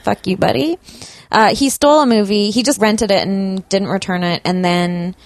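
A woman's voice: mid-range voice, fairly even intonation, normal speed, no room sound. A woman chatting on a podcast, wry and jokey, laughing between lines. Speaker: podcast co-host. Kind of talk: casual chat.

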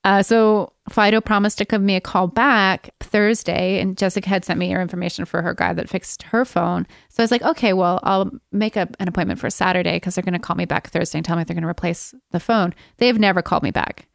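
A woman's voice: fairly low pitch, steady tone, fast talker, creaky, hardly any pauses, no echo, studio quality. A woman co-hosting a podcast, telling a rambling story in casual chat and laughing often along the way. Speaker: podcast co-host.

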